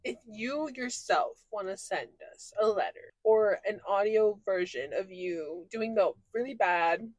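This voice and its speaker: A woman's voice: mid-range voice, unhurried, hardly any pauses, darkish tone, no room sound, low-quality recording. A woman co-hosting a podcast in casual chat, bantering and laughing easily. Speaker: podcast co-host.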